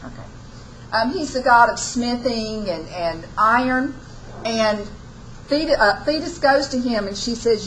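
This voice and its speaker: Lady teaching class, kinda high voice, acts out the lines casual and folksy. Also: expressive, a little slow, a bit bright, a little hiss or hum, low-quality recording. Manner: folksy storytelling, acts out quotes in casual speech. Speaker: college literature instructor. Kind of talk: lecture retelling a story.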